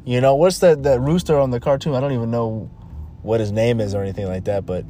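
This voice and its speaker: A man's voice: medium pitch, steady tone, fast, dark tone, slight background noise. A man hosting a podcast, talking casually and emphatically, repeating phrases and restarting sentences. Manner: repetitive, emphatic, rambling with restarts. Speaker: podcast host. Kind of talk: casual motivational monologue.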